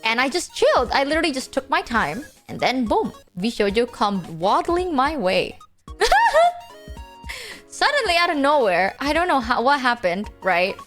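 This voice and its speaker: This high-pitched woman is a streamer spinning stories in loose, slangy chat with her viewers. She's lively and switches voices rapidly, all over soft background music.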